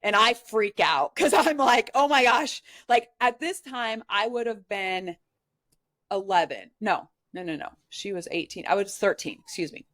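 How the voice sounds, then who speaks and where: An earnest woman from Nebraska, telling a personal story as a podcast guest. Her pitch sits in a middle range and she talks openly, with lots of "like" fillers. The recording is close and dry, with no room echo. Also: a little slow, fairly bright tone. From Nebraska, USA. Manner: earnest, candid, heavy use of "like" as filler.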